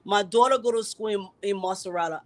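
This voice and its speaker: A woman's voice: mid-range voice, fast talker. A middle-aged woman, a political candidate, answering in a live interview, emphatic and repeating her points for force.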